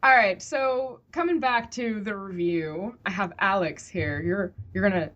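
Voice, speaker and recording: A woman's voice: mid-range voice, a little slow, fairly bright tone, lo-fi sound. A woman hosting a podcast in casual, giggly, enthusiastic chat. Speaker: podcast host.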